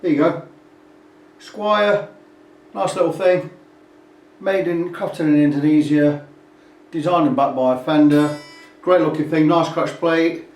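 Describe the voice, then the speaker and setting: A guitar repair technician rambles casually through a job in his workshop, chatting and filling gaps with "blah blah." His voice sits on the high side and is a little mellow, unhurried, with frequent pauses. The sound is roomy and distant.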